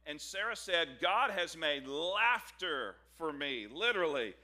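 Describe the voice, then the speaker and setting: A man delivers a sermon in a bright, ringing voice that sits slightly high for a man. He tells the scripture story like an animated, joking storyteller, acting out the conversations as he goes. His pitch rises and falls a lot, giving the preaching a lively, expressive feel. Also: unhurried, hardly any pauses. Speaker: pastor.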